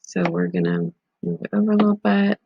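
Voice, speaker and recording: A woman's voice: on the low side, big pitch swings, fairly quick, vocal fry, background noise. A woman teacher giving a recorded grammar lesson, patient and methodical, walking through examples step by step. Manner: patient, methodical, talks through on-screen steps. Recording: slightly dull lo-fi audio.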